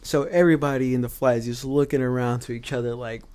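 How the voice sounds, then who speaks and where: A man's voice: medium pitch, quick pace. A young man and podcast guest telling a story in casual chat, acting out the people in it. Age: young adult. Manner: animated, acts out the people in his stories.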